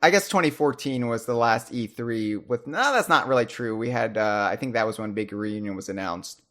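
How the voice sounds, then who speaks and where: A young American man hosting a podcast, talking casually and excitedly with frequent restarts and repeated words. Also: mid-range voice. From United States. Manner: animated, often halting, restarting and repeating words. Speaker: podcast host. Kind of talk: casual chat.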